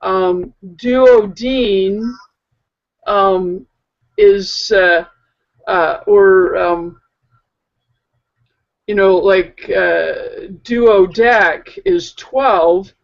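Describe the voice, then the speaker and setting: A woman co-hosting a casual chat, talking slowly and hesitantly with many pauses and fillers. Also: mid-range voice, creaky. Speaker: co-host. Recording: muffled lo-fi audio.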